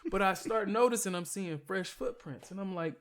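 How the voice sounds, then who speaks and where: A man's voice: sits high, normal speed. Rambling man telling a story. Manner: rambling, full of "like" and "you know"; profane, animated retelling. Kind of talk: casual storytelling.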